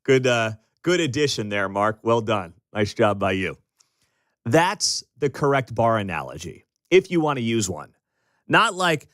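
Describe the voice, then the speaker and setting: American male radio host, lively pitch, dry close studio sound, emphatic storyteller. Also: measured pace, dry recording. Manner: animated, emphatic, storytelling with acted-out quotes. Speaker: radio talk show host. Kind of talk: opinionated talk radio monologue.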